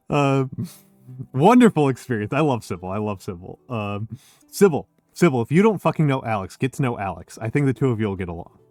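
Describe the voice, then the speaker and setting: A man's voice: mid-range voice, big pitch swings, brisk, a little mellow, no room sound, soft background music. A middle-aged man hosting a casual drinking stream from home, rambling and swearing as he keeps interrupting himself. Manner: rambling, profane, self-interrupting. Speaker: streamer host.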